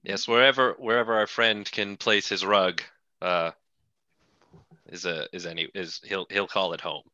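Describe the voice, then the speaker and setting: Stammering man with a very bright voice. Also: sits low, fairly even intonation, moderate pace, no room sound, lo-fi sound. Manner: stammering, polite explanations. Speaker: player. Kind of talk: casual tabletop play.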